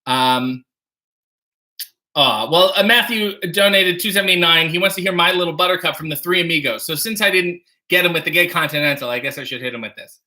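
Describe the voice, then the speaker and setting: A man's voice: on the high side, brisk, pushed and bright. A man hosting a casual livestream from his home kitchen, reading viewer donations and tossing off dry, wry jokes while making coffee. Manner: wry, dry joking asides.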